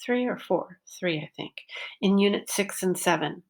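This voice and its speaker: A woman teaching a pronunciation lesson, speaking slowly and carefully and drawing out words to show pitch changes. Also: animated. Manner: slow and deliberate, stretches words to show pitch. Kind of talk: slow, careful classroom lesson.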